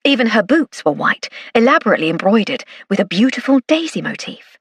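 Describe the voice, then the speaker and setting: Woman reading a cozy mystery audiobook, dry wit, lively up and down, a bit husky. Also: a little high, fairly quick, no echo. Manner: arch, dryly witty. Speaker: audiobook narrator. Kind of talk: first-person mystery narration.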